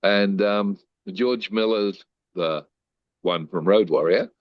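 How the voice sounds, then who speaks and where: Deep-voiced older man telling stories. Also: slow pace, dry recording, muffled recording. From Australia. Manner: animated storyteller who acts out quoted lines. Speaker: interview guest. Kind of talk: anecdotal interview storytelling.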